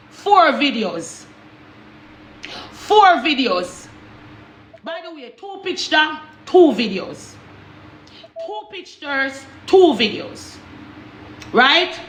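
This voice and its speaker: A woman's voice: fairly high pitch, fairly bright tone, reverberant, slight background noise. A woman with a Jamaican accent telling her own story in a heated, emphatic way, often stopping to ask if you understand.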